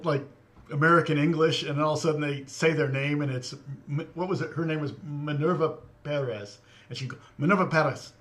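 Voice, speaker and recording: A man's voice: fairly high pitch, fairly bright tone. A middle-aged man from Indiana hosting a livestream in casual chat, rambling and answering viewer comments with frequent chuckles. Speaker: livestream host.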